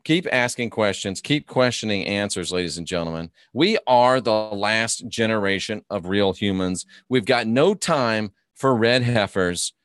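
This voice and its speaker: A man's voice: on the low side, a little slow, hardly any pauses, a bit bright, no echo, clean studio sound. A man hosting a live stream, ranting and mocking his opponents while reading viewer comments aloud. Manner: mocking, combative, reads chat comments aloud.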